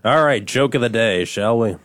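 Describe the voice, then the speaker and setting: A man co-hosting a casual morning talk show, telling jokes with lively acted punchlines. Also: medium pitch, normal speed, dry recording. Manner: animated joke telling, shouting punchlines. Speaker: co-host.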